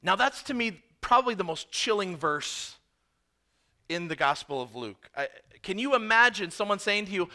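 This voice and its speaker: Bright, animated male preacher. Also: sits high, normal speed. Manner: animated, emphatic storytelling with rhetorical questions. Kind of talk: sermon.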